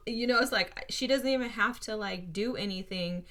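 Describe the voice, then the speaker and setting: A woman's voice: mid-range voice, normal speed, fairly bright tone. Woman doing a tarot reading online, earnest and encouraging, talks right to the viewers. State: briefly emotional. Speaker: tarot reader. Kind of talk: casual spiritual tarot reading.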